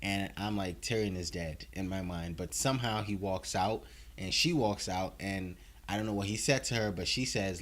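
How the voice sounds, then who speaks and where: A man with a fairly low voice talks through a TV episode recap in a loose, conversational way. He rambles and leans on filler phrases as he goes. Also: moderate pace, a bit bright. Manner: rambling, heavy on "you know" fillers. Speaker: TV episode reviewer. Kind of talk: casual recap and review.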